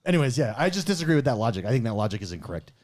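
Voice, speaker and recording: A man co-hosting a casual gaming podcast, opinionated and animated, laughing often. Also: mid-range voice, racing. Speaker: podcast co-host.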